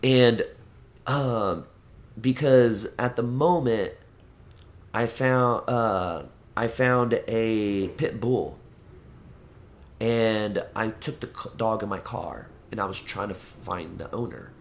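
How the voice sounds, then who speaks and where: A man's voice: fairly low pitch, slow. A young man in casual chat, telling stories with lots of swearing and acting out the voices of people in them.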